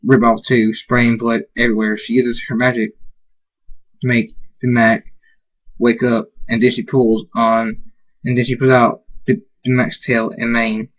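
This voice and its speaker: A man reading fan fiction aloud, halting and restarting words as he goes. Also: mid-range voice, flat delivery, dull audio. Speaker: amateur reader.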